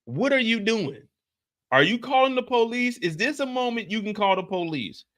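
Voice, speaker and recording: A man hosting a comedic TV after-show, riffing in an animated, jokey way with wild swings in pitch. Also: normal speed. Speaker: show host.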